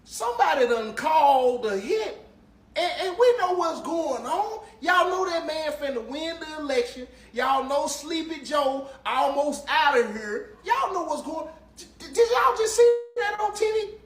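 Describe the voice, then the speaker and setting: A man ranting in excitement over the news, exclaiming and repeating himself. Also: very high-pitched, a little slow, roomy sound, recorded from a distance. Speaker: vlogger reacting to news. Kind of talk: excited reaction rant.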